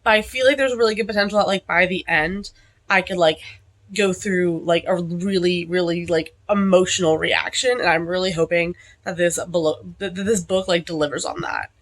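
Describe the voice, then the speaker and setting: A woman's voice: on the low side, steady tone, moderate pace. A young adult woman chatting casually in a reading vlog, rambling along with lots of "like" fillers. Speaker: book vlogger.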